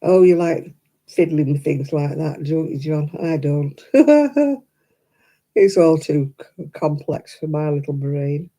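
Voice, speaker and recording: A woman's voice: low-pitched, expressive, slow, mellow. An older woman with a thick Oldham accent, chatting casually with live viewers while she crochets, opinionated and laughing often. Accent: Oldham, Lancashire. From Oldham, England. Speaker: crochet livestream host. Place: home, crafting at a table.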